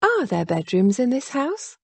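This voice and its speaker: A woman voicing a young lady who stays dry and deceptively calm. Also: a little high, unhurried, creaky, slightly rough, no room sound, voice pushed up, heavily acted.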